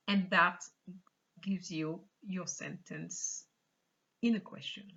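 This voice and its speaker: A woman teaches a beginner language lesson at a slow, patient pace, repeating key points and checking with the viewer. Her voice is bright with a lively pitch, on a slightly dull, lo-fi recording. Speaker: French teacher.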